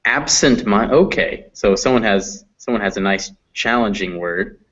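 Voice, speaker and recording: A man's voice: on the low side, normal speed, a bit bright. A man teaching English pronunciation in a live online lesson, patiently modelling sounds and encouraging students. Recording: dull lo-fi stream audio.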